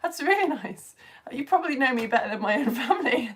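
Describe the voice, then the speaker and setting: Bubbly woman from the UK, live online science teacher, higher voice with a bouncy, animated delivery. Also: brisk, breathy edge. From United Kingdom. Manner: chatty, enthusiastic, laughs often. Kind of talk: live-streamed lesson, reading viewer comments.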